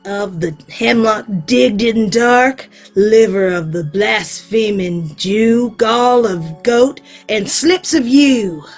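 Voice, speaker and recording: A woman with a Southern US accent playing a giggling old witch, reciting spell ingredients slowly with laughter in an amateur stage-play reading. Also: a little high, soft background music. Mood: chanting. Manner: slow, laughing recitation with stumbles.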